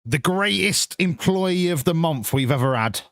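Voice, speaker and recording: A man's voice: a little high, lively intonation, measured pace, no room sound. A British man rambling crudely and jokingly to himself while driving a truck in a game. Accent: British English. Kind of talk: casual rambling commentary. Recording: loud road and engine noise behind.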